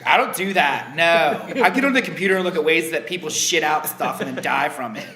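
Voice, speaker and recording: A man's voice: fairly high pitch, expressive, a little fast, sharp tone, echoey room. A man co-hosting a podcast in casual chat, joking and swearing freely. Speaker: podcast co-host.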